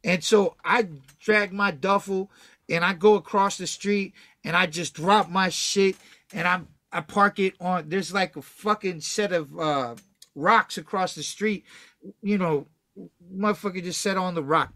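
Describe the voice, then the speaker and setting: A man's voice: high voice, measured pace, no room sound. A man from Texas telling a story from his own life as a guest, full of slang and swearing, acting out what people said. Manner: profane, slangy, acts out quotes loudly. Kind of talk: casual storytelling.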